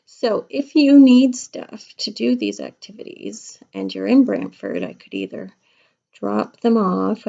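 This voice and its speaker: A middle-aged kindergarten teacher chatting playfully to young children during a craft lesson at home. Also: female voice, mid-range voice, a little slow, gravelly, mellow. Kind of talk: casual craft lesson to camera. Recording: dull lo-fi home video.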